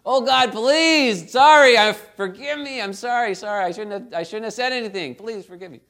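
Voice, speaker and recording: A man preaching, acting out a frightened man begging God for forgiveness in rushed, pleading apologies. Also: high voice, sharp tone, voice pushed up.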